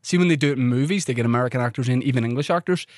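A man's voice: medium pitch, rapid-fire, no room sound, studio quality. A man with a Northern Irish accent hosting a podcast, chatting casually and laughing easily. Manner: laughs easily, stammers and restarts. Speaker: podcast host. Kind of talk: casual chat.

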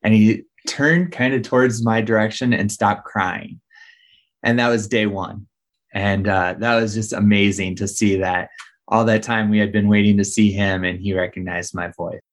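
A man's voice: fairly low pitch, steady tone, moderate pace. A man, a father, recounting the birth of his son in a heartfelt way. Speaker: father telling a family story. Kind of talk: personal storytelling.

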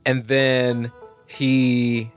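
Man player, halting, filler-heavy, soft music bed under him. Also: medium pitch, little pitch movement, clean tone. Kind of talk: describing his character's actions in a tabletop game.

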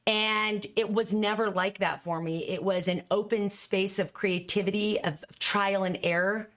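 A middle-aged woman, a communication coach, telling her stories in an expressive, animated way and laughing now and then. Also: mid-range voice, measured pace. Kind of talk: conversational storytelling.

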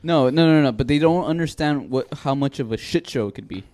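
A man's voice: mid-range voice, fairly quick, darkish tone. A man co-hosting a casual podcast, talking in an emphatic way and swearing. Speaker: podcast co-host. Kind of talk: casual chat.

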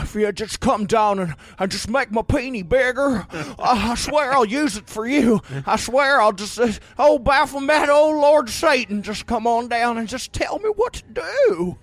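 A man doing a high shrieking prayer to a demon. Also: expressive, normal speed, few pauses, no echo. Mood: pleading. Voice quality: high strained pleading, shouting. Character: grovelling man praying to a demon, impression.

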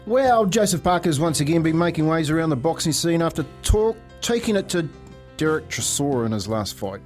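A man's voice: a little high, big pitch swings, brisk. New man telling a story over faint music. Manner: storytelling, laughing. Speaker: radio co-host. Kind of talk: casual sports radio banter.

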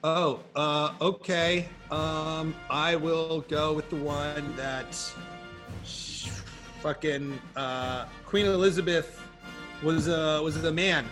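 A man's voice: on the high side, steady tone, slow pace, music in the background. Rambling, profane man telling stories. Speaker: podcast guest. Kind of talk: casual chat.

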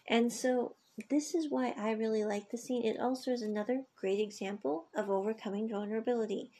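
Gravelly, husky woman recapping a series. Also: on the high side, a little fast, dark tone. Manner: chatty, retells scenes with quoted lines, frequent fillers. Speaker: series reviewer. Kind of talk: casual recap of a drama series.

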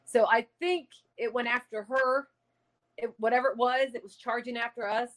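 A woman telling a ghost encounter in an interview, halting and repeating words, laughing between lines. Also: fairly high pitch, steady tone. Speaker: paranormal investigator guest. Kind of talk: casual storytelling interview.

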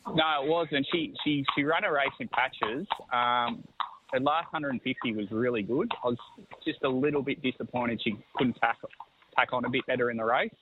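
A man, a horse trainer talking over the phone in a halting, easygoing way that repeats words. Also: mid-range voice. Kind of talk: phone interview. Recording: tinny phone line with faint noise.

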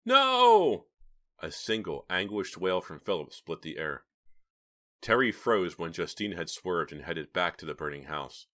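A man narrating a horror novel as an audiobook reader, in steady, dramatic storytelling. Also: sits low, moderate pace. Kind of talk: scripted narration.

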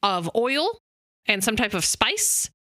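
A woman's voice: a little high, very animated, slow pace, sharp tone, no echo, studio quality. A woman co-hosting a podcast, blunt and enthusiastic in casual chat, swearing freely. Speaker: podcast co-host.

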